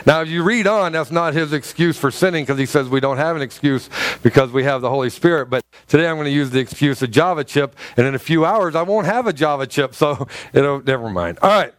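A man's voice: on the high side, brisk, smooth. A middle-aged man preaching a sermon as pastor, chatty and joking, with frequent restarts and laughs.

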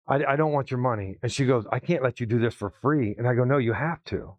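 A man's voice: mid-range voice, fast, no echo. Man preaching with a dull sound. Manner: storytelling, conversational, acts out quotes. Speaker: pastor. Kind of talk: sermon story.

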